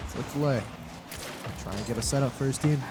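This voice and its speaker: Excitable young man casting esports. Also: mid-range voice, fairly quick, over loud music. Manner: excitable, stumbles and repeats words. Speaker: esports caster. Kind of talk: live esports play-by-play commentary. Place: college esports studio set. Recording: steady background noise.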